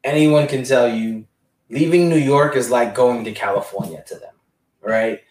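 A man's voice: mid-range voice, moderate pace, a little mellow. A man caring for his father, telling rambling stories in a casual group chat and acting out the voices he quotes. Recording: roomy, distant mic.

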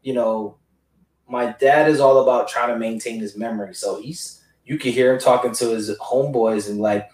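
A man's voice: medium pitch, fairly even intonation, moderate pace, a little mellow. A man caring for his father, telling rambling stories in a casual group chat and acting out the voices he quotes. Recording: roomy, distant mic.

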